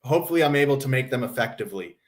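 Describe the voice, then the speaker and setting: A man's voice: medium pitch, expressive, rapid-fire. A man hosting a casual commentary stream, talking bluntly with a sardonic, profane edge. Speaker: host.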